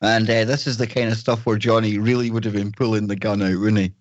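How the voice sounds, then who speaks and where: A man's voice: on the low side, level tone, quick pace, no room sound, lo-fi sound. A man from the north of Scotland with a Scottish accent, hosting a podcast in a joking, rambling chat. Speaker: host.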